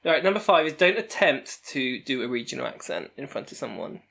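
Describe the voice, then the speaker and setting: Relaxed English podcast co-host. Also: female voice, rumbling low, fairly quick, creaky, slightly rough. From England. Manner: relaxed, lots of fillers like "like". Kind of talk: casual chat.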